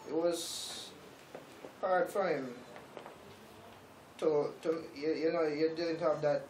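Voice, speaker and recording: A man's voice: fairly high pitch, steady tone, darkish tone, slight background noise. Man telling a family story, echoey and distant. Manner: storytelling with frequent pauses and restarts. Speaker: interviewee, family member. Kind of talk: casual interview answers.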